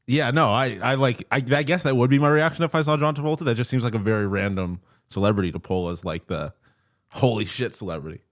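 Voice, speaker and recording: A man co-hosting a casual sports podcast who talks excitably, swears a lot and laughs easily. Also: mid-range voice, quick pace. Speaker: podcast co-host. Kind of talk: casual chat.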